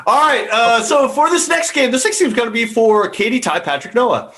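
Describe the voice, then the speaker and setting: A man's voice: extremely high pitch, sing-song, brisk, pushed and bright. A man hosting an online improv comedy show, upbeat and loose, explaining games and taking suggestions.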